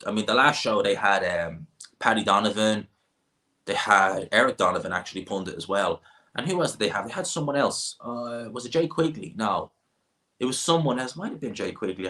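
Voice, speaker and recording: Opinionated Irish man, bright voice. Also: fairly low pitch. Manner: opinionated and rambling, frequent restarts. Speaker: livestream host. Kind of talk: casual livestream chat answering comments.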